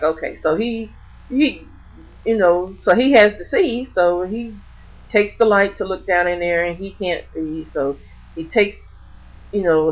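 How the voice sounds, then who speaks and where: This woman vlogger's voice sits on the low side, and the recording has its highs cut off. Telling a personal story to camera in casual speech, she animatedly acts out others' dialogue, with many restarts and repeated words.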